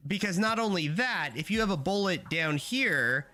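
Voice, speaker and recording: A man with a sore throat chatting casually on a live stream, excitable and jumping into high playful greetings from his apartment. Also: moderate pace, faint music behind. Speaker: game dev streamer.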